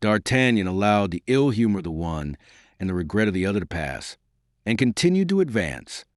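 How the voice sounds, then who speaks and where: A man narrating a classic novel in a measured storytelling way. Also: lowish voice, very animated, no echo, studio quality. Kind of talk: scripted audiobook narration.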